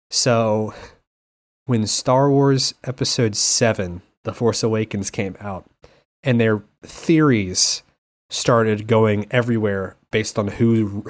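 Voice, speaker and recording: Low-voiced man telling stories on a podcast. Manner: animated storytelling, slips into playful accent impressions. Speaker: podcast co-host. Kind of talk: casual chat.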